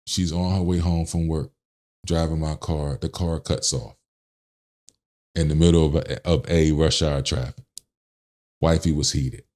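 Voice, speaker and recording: Deep-voiced man telling a story animatedly. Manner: animated storyteller, acts out quotes, slangy. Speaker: podcast guest. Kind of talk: storytelling in casual interview.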